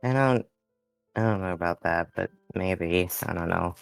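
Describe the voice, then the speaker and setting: Very low, gravelly hesitant player. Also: soft background music. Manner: hesitant, halting, repeats words. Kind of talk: in-character tabletop play.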